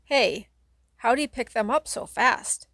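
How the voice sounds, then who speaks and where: A woman voicing the story's young kid hero, shouting urgently at attackers and soothing a little sister. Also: on the high side, takes it slowly, no room sound, studio quality, voice pushed up.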